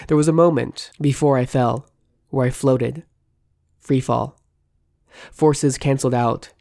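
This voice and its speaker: A woman reading first-person fiction aloud in a tense, measured storytelling manner. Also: a bass voice, warm tone, no room sound, clean studio sound. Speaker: narrator.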